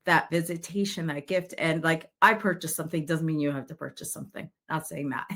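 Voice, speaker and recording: A woman's voice: sits low, fairly even intonation, a little fast, fairly bright tone. A middle-aged woman, a psychic medium, telling a story in an interview and acting out the quoted voices.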